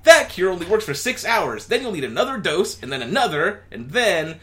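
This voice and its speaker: Man doing a high, loud, smug little alien for a comedic reading, crude and teasing, lively up-and-down delivery. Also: brisk, slight background noise, full character voice. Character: wisecracking furry male alien, smug and crude.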